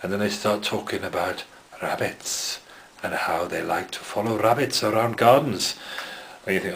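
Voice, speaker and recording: A man's voice: on the low side, normal speed, vocal fry, a bit bright. A man telling a wry comic story as a monologue. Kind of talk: comedy monologue.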